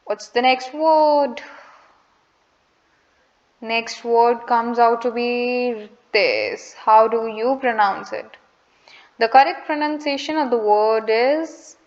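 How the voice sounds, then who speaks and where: Indian woman teaching pronunciation slowly. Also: a little high, muffled recording. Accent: Indian English. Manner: patient, repeats each word slowly, mixes in Hindi. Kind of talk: casual lesson to camera.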